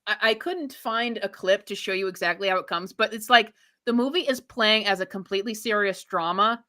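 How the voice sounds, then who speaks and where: A woman's voice: medium pitch, fairly quick, sharp tone. A young adult woman hosting a live stream, giving opinionated reaction commentary in a rambling way with frequent restarts.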